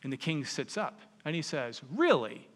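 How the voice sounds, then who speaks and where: A man preaching a sermon, retelling a story in an animated, conversational way. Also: a little high, moderate pace. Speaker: pastor. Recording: long reverb in a large hall.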